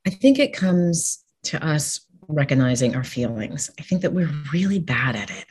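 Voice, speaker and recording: A woman with a slightly low, breathy-husky voice talks openly in a podcast conversation. She is frank and warm. She laughs easily and jokes darkly. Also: expressive, normal speed. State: widowed. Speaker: guest. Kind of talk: candid conversation about grief.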